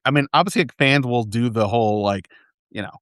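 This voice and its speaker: A man's voice: mid-range voice, brisk, fairly bright tone, no echo, clean studio sound. A man hosting a sports podcast in casual chat, rambling and restarting often as he thinks aloud. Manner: rambling, self-correcting, many restarts. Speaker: podcast host.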